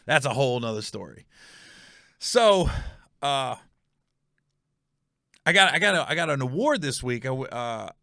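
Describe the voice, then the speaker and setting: A man's voice: mid-range voice, sing-song, a little slow, vocal fry, pauses often, bright, forceful tone, dry recording, clean studio sound. A middle-aged man from Ohio telling a casual story as a podcast host, acting out quotes and laughing at his own tale.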